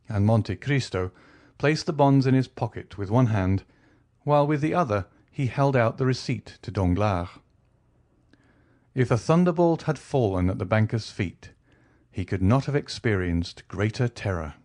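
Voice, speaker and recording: A man narrating a classic novel as an audiobook in a steady, expressive storytelling manner. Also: on the low side, normal speed. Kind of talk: scripted narration.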